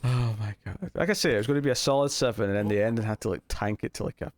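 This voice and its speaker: A man's voice: lowish voice, racing. A young adult man with a Scottish accent, co-hosting a casual TV review chat, joking, teasing and laughing often. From Scotland. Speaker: co-host of a TV review show.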